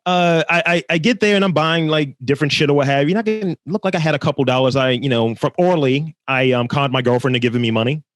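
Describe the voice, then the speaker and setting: A man's voice: fairly high pitch, fast talker. A man guesting on a podcast, telling stories in a loose, joking, profane way. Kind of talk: casual chat.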